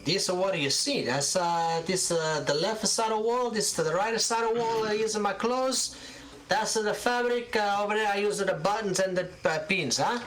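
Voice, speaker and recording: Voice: mid-range voice, normal speed, fairly bright tone, pitched above the performer's own voice, natural voice. A game master voicing an elderly Italian woman tailor who runs a fabric shop, talking in broken English and ending questions with "huh?". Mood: chatty.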